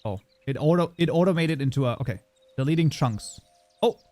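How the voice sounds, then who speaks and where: Speaking a little high in an expressive, fairly quick way, this German-accented man has a darkish tone. Originally from Germany, he hosts a casual modding livestream tutorial, chatting as he goes and reading viewer chat aloud so he can respond to it.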